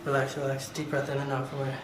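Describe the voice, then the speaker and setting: A chiropractor talking patients through adjustments with calm, soothing instructions. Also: male voice, medium pitch, fast talker. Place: treatment room, indoors. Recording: roomy room with background hiss.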